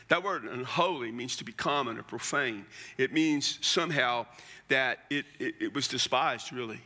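A man's voice: medium pitch, moderate pace, pushed and bright, long reverb tail. A man preaching a sermon in a folksy, conversational way, with asides and restarts. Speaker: pastor.

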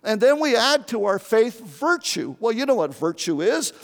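An older man in his seventies preaching in a church, his voice high for a man and gravelly. He talks earnestly, repeating and restarting his words. A long reverb trails behind him. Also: big pitch swings, normal speed. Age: 70s. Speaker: pastor. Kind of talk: sermon.

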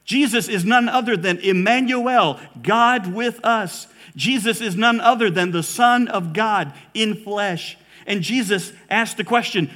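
A man preaching a sermon as a pastor, earnest, slowing down to stress key words and rising sharply when quoting scripture. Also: sits high, a bit bright. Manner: earnest preaching, slows for emphasis, rises dramatically on quotes.

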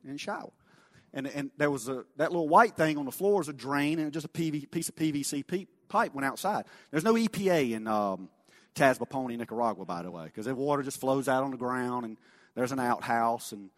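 Folksy man preaching in a reverberant church. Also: fairly high pitch. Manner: folksy, animated storyteller, drops to quiet emphasis. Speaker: lay speaker sharing a mission story. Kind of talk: sermon storytelling. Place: church sanctuary.

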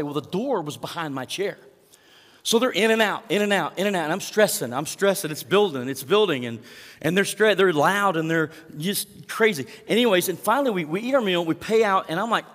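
Animated pastor in a reverberant hall. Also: male voice, high-pitched, a little fast. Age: middle-aged. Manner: animated storytelling, swings from hushed to loud. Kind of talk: sermon. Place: large church hall.

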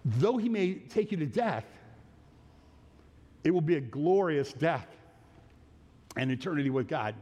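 A slightly high-voiced man preaches an earnest sermon, repeating himself and circling back to restart his sentences. His voice trails off into the long reverb of a large hall. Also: big pitch swings, unhurried, long pauses, warm tone, breathy edge. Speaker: pastor. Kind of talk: sermon teaching through a psalm.

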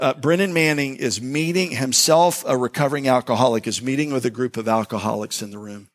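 A man preaching a sermon as a pastor, telling a story earnestly with many restarts, then slowing into a hushed prayer. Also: medium pitch.

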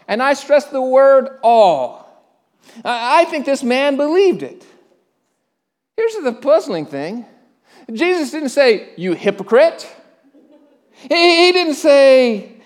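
A middle-aged pastor preaching a sermon, conversational, with frequent stammered restarts and questions to the congregation. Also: male voice, extremely high pitch, big pitch swings. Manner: asks the congregation questions and pauses for answers.

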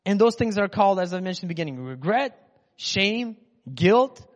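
A man's voice: high-pitched, very animated, normal speed. A man from Russia giving a casual, chatty sermon in a rambling, conversational way. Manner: chatty, rambling, acts out inner voices. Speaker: preacher. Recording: dull sound with long hall reverb.

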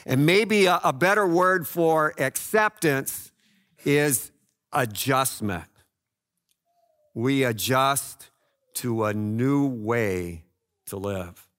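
A man preaching a sermon in a slow, earnest way, swinging between loud passages and hushed ones. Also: medium pitch. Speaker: pastor.

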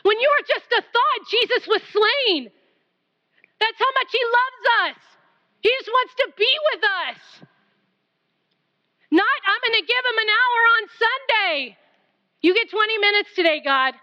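A woman preaching a passionate, pleading sermon, swinging from loud appeals down to near whispers. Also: extremely high pitch, lively intonation, a little slow, pauses often, highs cut off.

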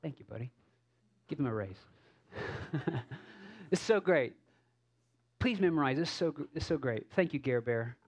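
A man's voice: a little high, animated, measured pace, long pauses. Casual storytelling male pastor. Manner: casual, self-correcting, storytelling with asides. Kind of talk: conversational sermon. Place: church service.

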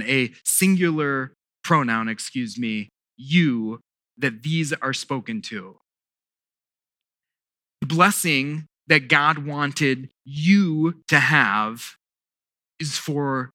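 A middle-aged male pastor preaching a sermon, emphatic and deliberate, repeating key words with pauses for weight. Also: on the high side, pushed and bright, dry recording, clean studio sound.

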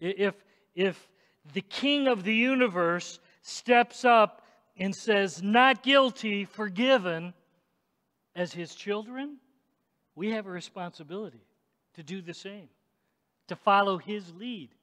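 A man preaching a sermon, speaking emphatically and directly to the congregation and rising to shouts at times. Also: sits high, a little slow. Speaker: pastor. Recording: long echoing reverb of a large hall.

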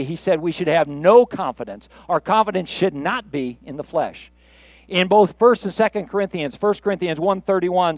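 A man's voice: sits high, a little mellow, no echo. A middle-aged man preaching a sermon in a conversational, playful way that builds to rousing emphasis. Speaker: pastor.

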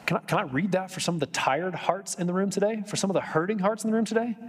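A man's voice: high voice, quick pace, hardly any pauses, slightly rough, big-room sound. A male pastor preaching a sermon in a church, talking conversationally with joking asides and building to impassioned emphasis. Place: church sanctuary.

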